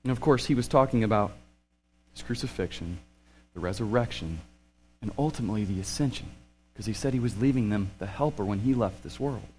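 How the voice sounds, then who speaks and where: A man in his thirties preaching a sermon, animated and swinging between excited and hushed. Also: fairly low pitch, a little fast, a little hiss or hum. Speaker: pastor.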